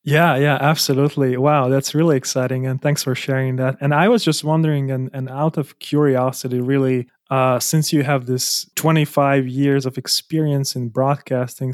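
A man's voice: mid-range voice, darkish tone, no echo. Enthusiastic male podcast host, dry sound. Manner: enthusiastic, promotional. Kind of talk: podcast intro and interview.

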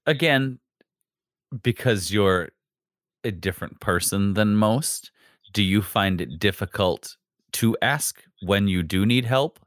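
A man's voice: lowish voice, slow, no echo, studio quality. A man chatting casually as a podcast host, acting out everyday exchanges in little voices. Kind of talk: casual conversation.

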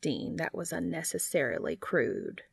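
An earnest, literal-minded male angel who speaks in a solemn, measured way, as a woman reading a story puts him on. The voice sits low with a gravelly edge, and the recording is dry. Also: big pitch swings, no room sound, exaggerated voice.

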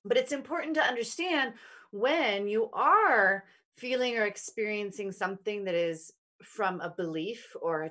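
A woman's voice: mid-range voice, fairly bright tone. A young adult woman giving a casual teaching talk, speaking earnestly and conversationally to her listeners. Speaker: spiritual teacher.

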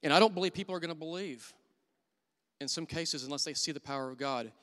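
Middle-aged male church elder, sermon storytelling, earnest, smooth clear voice, church hall reverb. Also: a little high, fast talker. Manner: earnest storytelling, drops to hushed voice for quoted thoughts. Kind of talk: sermon with personal stories.

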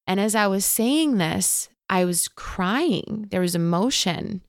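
Guest spiritual teacher, woman, low gravelly voice, close and dry, gentle and open. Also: animated, slow pace, hardly any pauses, no room sound. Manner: gentle, open, storytelling with many fillers. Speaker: Akashic Records teacher, guest. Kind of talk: casual spiritual chat.

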